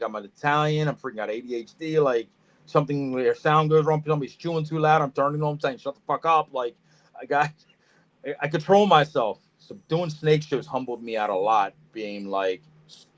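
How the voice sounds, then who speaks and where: A man co-hosting a casual podcast, telling animated stories about reptile shows, swearing freely and acting out what people said. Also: mid-range voice. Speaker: podcast co-host, snake breeder. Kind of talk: casual storytelling chat.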